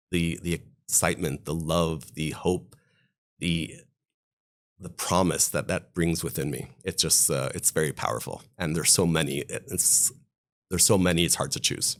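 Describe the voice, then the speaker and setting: A rabbi with a very deep, low voice, speaking. He tells stories with fervour, his voice climbing on the points that move him. He is a podcast interview guest. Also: steady tone, moderate pace. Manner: impassioned, storytelling, voice rising on key points.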